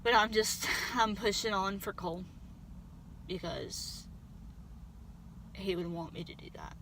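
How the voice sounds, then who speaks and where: A young woman vlogger telling a painful personal story, halting and restarting, on the verge of tears. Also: mid-range voice, fairly bright tone, slight background noise. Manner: halting, with many restarts and trailing pauses.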